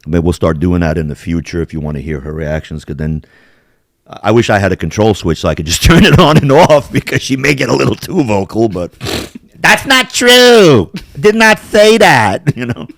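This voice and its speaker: A man's voice: deep voice, a little fast, vocal fry, dry recording, studio quality. Podcast host guy, crude stories, voice jumps all over, cusses constantly. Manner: animated storyteller, swears a lot, laughs often. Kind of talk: crude casual chat.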